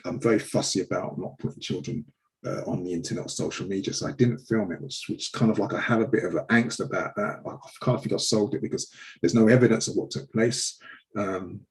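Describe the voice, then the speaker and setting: A man's voice: on the low side, fast, rough recording. A man in his forties, a live show host, telling a personal story with passion and frequent restarts when upset. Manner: impassioned, repeats words when upset.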